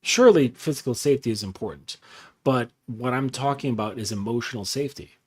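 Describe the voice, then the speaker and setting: A man's voice: mid-range voice, expressive, fast talker, breathy edge. A man giving a casual coaching monologue, talking loosely with lots of fillers and swearing. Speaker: dating and masculinity coach.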